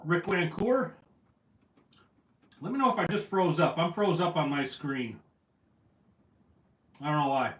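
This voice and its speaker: Fishing stream guy at home, kinda high voice, bit winded, roomy echo. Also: sing-song, a little slow, long pauses, a bit bright. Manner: chatty, greeting viewers by name. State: a little out of breath. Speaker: fishing livestream host. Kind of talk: casual livestream chat. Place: at home indoors.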